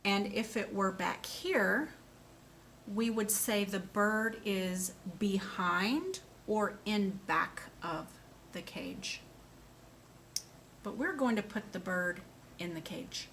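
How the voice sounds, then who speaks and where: A woman speech therapist giving a slow, clear lesson to a young child, praising answers and asking simple questions. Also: mid-range voice, a bit bright, slight background noise. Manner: slow, clear, sing-song and encouraging, with animal sounds.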